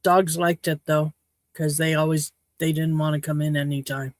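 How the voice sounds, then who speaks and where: A woman from Saskatchewan hosting a casual livestream chat at home, rambling and frank, her throat a little hoarse. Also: low voice, little pitch movement, normal speed, a little mellow, dry recording. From Saskatchewan, Canada. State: slightly hoarse throat after choking. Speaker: livestream host. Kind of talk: casual chat to a live audience.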